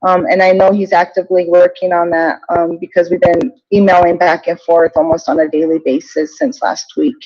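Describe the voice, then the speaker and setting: A woman giving a project update at a village council meeting, halting, with many ums and restarts. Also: lowish voice, flat delivery, warm tone. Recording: dull lo-fi meeting audio.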